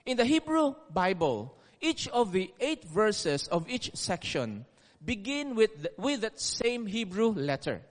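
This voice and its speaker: A man preaching a sermon in a deliberate, emphatic way, repeating key words for stress. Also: high voice, sing-song. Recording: long reverb of a large hall.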